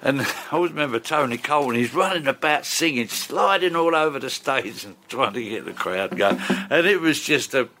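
An older man, a session bass player chatting and rambling through stories as an interview guest. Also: lively intonation, moderate pace, hardly any pauses, sharp tone. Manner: chatty, rambling, lots of fillers and restarts. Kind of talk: casual storytelling interview.

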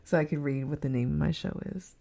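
A young woman hosting her own podcast, rambling in a casual solo chat and breaking often into loud giggly laughter. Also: deep voice, steady tone, quick pace, gravelly. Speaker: podcast host.

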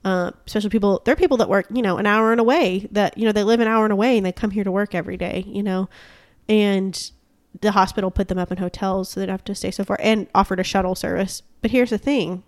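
A young woman chatting casually as a podcast co-host, telling stories with lively acted-out quotes. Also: medium pitch, fast, no echo, studio quality. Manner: animated storyteller, acts out quotes. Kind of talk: casual chat.

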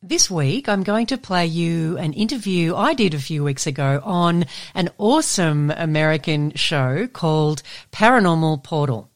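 A woman's voice: deep voice, lively intonation, moderate pace, few pauses. An Australian woman presenting a community radio show in a friendly, chatty way. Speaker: community radio host and guest.

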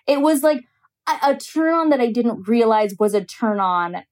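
A woman's voice: on the high side, expressive, normal speed, a little mellow. A young woman hosting a podcast, telling a personal story in casual chat, candid and profane, laughing often.

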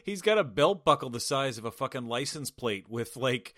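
A man's voice: medium pitch, lively intonation, moderate pace, a bit bright, no room sound, studio quality. A man co-hosting a casual movie recap, swearing freely and laughing as he mocks the film. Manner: profane, laughing asides, mocking the film. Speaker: podcast co-host.

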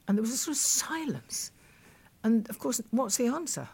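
Her voice is fairly high, gravelly, slightly rough and a little mellow, with big pitch swings at a normal pace. She's a British veteran broadcaster in her eighties, thoughtfully recalling her past as an interview guest, frequently restarting and quoting others.

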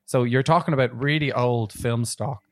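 A man's voice: mid-range voice, no room sound. Guy rambling about a movie on a podcast, lots of ums and uhs, dry close sound. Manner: rambling, halting, with frequent fillers and laughs. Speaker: podcast co-host. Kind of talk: casual film review chat.

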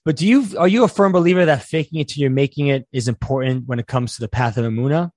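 A man's voice: medium pitch, fast talker, a little mellow, no echo, clean studio sound. A man hosting a casual interview, thoughtful and searching for his words. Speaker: podcast host.

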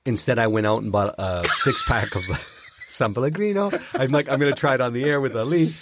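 A man's voice: medium pitch, expressive, background noise. A man co-hosting a casual chat show, easygoing and agreeable. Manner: easygoing, agreeable, lots of quick yeahs. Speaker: podcast co-host.

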